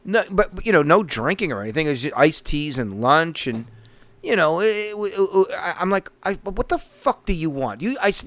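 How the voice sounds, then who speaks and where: A man's voice: a little high, big pitch swings, a little fast, a bit bright, no echo. Foul-mouthed guy spinning yarns. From Northeastern US. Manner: swears constantly, loose rambling anecdotes. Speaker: podcast host. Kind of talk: casual profane storytelling.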